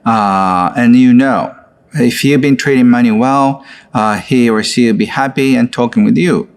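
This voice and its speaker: A man who leads a guided exercise in an online course, speaking gently and coaxingly with frequent filler words. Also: medium pitch, normal speed, smooth. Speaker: course instructor.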